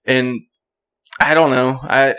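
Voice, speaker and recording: A young man tells a story as a podcast guest, casual and animated. He acts out quoted lines and laughs often. His voice sits in an ordinary middle range. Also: mid-range voice, slow pace, clean tone.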